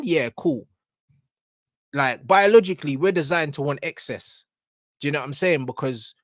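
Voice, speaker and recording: Brash man ranting, very lively pitch. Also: dry recording, clean studio sound. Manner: brash, mocking, swings from loud to muttered. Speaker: reaction channel host. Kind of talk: ranting reaction commentary.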